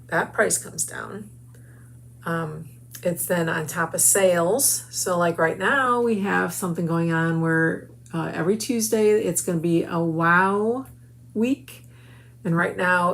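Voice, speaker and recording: A woman's voice: lowish voice, gravelly. A middle-aged woman from the United States hosting a crafts video, chatting upbeat with viewers while she works. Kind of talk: casual crafting talk and promo.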